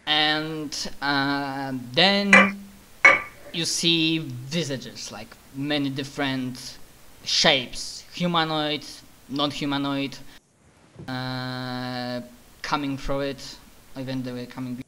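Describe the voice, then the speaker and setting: A man narrating a tabletop game as game master, halting and full of fillers. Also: mid-range voice, steady tone, noisy background.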